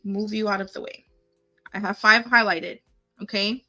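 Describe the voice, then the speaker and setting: Speaking in a mid-range, pushed and bright voice with fairly even intonation and a moderate pace, a woman hosts a live craft tutorial from her home setup. Soft music plays in the background as she chats to herself and her audience, clicking through each step on screen.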